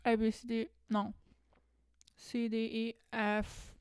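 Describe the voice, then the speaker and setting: Woman producer, smooth and slightly high, slow unhurried musing, close dry mic. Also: completely flat delivery, no room sound. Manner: musing, self-correcting, drops to soft asides. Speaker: music producer. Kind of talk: casual think-aloud commentary while producing.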